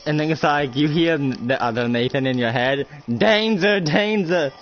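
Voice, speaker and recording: A man's voice: medium pitch, fairly even intonation, fairly quick. A man running an improvised roleplay as game master, narrating in a rambling way full of fillers. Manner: rambling, filler-heavy storytelling. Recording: dull lo-fi recording with music. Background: loud background music.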